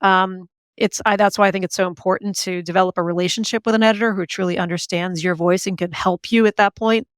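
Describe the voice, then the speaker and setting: A woman author as an interview guest, talking in an animated, chatty way with many fillers and restarts. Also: mid-range voice, quick pace, few pauses, no echo. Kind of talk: conversational interview.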